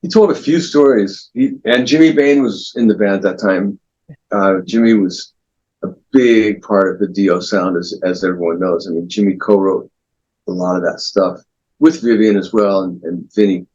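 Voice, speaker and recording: A man being interviewed as a guest guitarist, telling long anecdotes in a rambling, relaxed way with many restarts. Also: low voice, normal speed, slightly rough, lo-fi sound.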